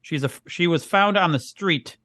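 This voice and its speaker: A man's voice: fairly high pitch, moderate pace, pushed and bright, no echo, clean studio sound. A man co-hosting a comedy podcast, chatting casually as the mildly exasperated straight man. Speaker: podcast co-host.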